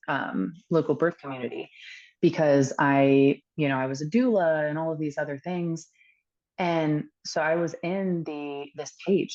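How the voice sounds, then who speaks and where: A woman with a notably low voice speaks as a podcast guest, telling a candid personal story. She is earnest and reflective, pausing often and filling gaps with ums. The recording is dull and lo-fi. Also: a little mellow. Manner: earnest, reflective, with many pauses and fillers.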